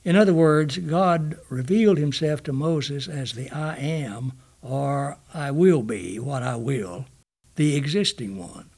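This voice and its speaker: Slow, measured man reading scripture study. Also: medium pitch, gravelly, a little mellow.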